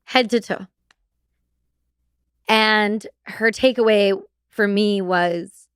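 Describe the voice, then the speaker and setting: A woman appears as a podcast guest, telling her story in an animated, casual way and swearing freely. Her smooth, clear voice sits at a mid pitch, and she speaks very slowly with frequent pauses. The recording is close and dry, with no echo.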